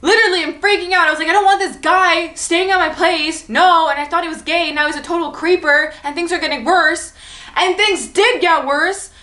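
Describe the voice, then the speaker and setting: A woman's voice: sits high, bright, forceful tone, roomy sound. A young woman chatting animatedly through a storytime vlog, full of fillers and acted-out dialogue. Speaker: vlogger.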